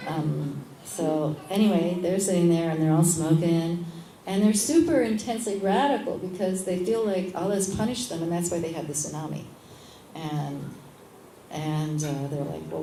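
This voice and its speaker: A middle-aged woman, a midwife being interviewed, tells a story in a casual, animated way and acts out other people's lines. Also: fairly low pitch. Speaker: guest, midwife. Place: event space at a lunch gathering. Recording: echoey room with background noise.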